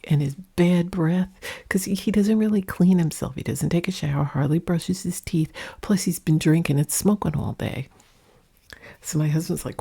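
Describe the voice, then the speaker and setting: A woman vlogger talking low and soft at home, rambling through a story in a casual way, with a mic in front of her. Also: normal speed, vocal fry, slightly rough. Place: indoors at home, under a ring light. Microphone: mic set up in front of her.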